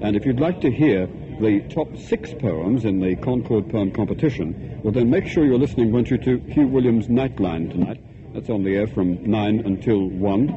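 A man's voice: on the low side, normal speed. A man hosting a radio phone-in, speaking in a polished, genial presenter's manner. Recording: dull old radio broadcast with noise.

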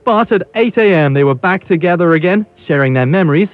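A male radio reporter introducing a news feature in a measured newsreader delivery. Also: sits high, expressive. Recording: thin phone-like radio audio.

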